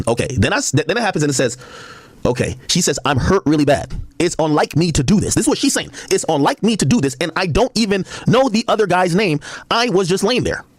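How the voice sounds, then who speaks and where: A man's voice: high-pitched, animated, fast talker, no room sound. A man on a livestream reading text messages aloud and cutting in with blunt comments. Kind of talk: heated livestream monologue.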